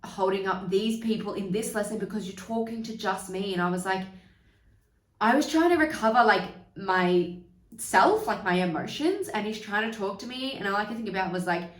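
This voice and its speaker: A woman's voice: medium pitch, animated, moderate pace, far from the mic. A young woman hosting a podcast, candidly telling a personal story in a chatty way, swearing freely and acting out the people she quotes. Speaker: podcast host. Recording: roomy, from away from the mic.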